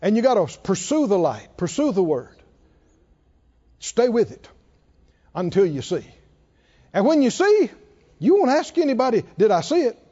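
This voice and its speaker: A man's voice: high voice, big pitch swings, normal speed, pauses often, mellow, breathy edge. A man preaching a sermon emphatically, repeating and stressing words, his voice rising and dropping sharply. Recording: dull lo-fi recording in a reverberant hall.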